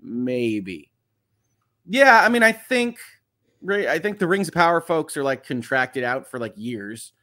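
A man's voice: mid-range voice, big pitch swings, unhurried, pushed and bright. A man in his thirties hosting a casual morning livestream, chatting and reading viewer comments with lots of fillers. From Michigan. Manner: chatty, rambling, many fillers. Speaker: livestream host.

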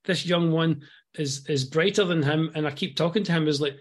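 A man's voice: on the high side, fairly quick. A Scottish man in his fifties, a guest entrepreneur on a podcast, speaking earnestly and often repeating words as he starts a thought. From Scotland. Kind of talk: podcast interview.

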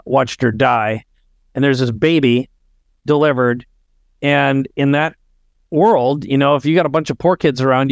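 A man's voice: medium pitch, no echo, studio quality. A middle-aged man, a guest entrepreneur on a podcast, telling a story in an earnest, heartfelt way and acting out the dialogue. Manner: earnest, heartfelt, tells stories with quoted dialogue. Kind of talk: conversational storytelling.

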